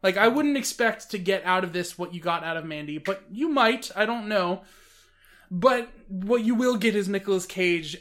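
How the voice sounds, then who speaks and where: High-voiced man rambling in casual chat. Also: normal speed. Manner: rambling, animated, restarts often. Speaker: podcast host reviewing films.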